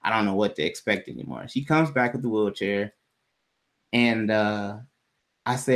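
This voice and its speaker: A man casually telling a personal story to a co-host, in a laid-back, slangy way that turns animated when he quotes people. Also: mid-range voice, normal speed.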